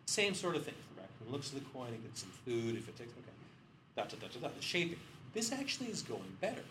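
A man's voice: mid-range voice, quick pace, background noise. A middle-aged man giving a psychology lecture, telling stories animatedly and acting out the people in them. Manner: animated storytelling, voicing characters in quotes. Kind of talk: lecture with acted-out anecdotes.

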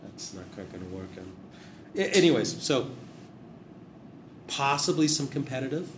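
A man's voice: medium pitch, big pitch swings, moderate pace. Man rambling in a roomy, noisy space. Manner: rambling, digressive, wry. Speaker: host discussing memorial plaques. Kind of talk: casual explanatory talk. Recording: roomy echo with background noise.

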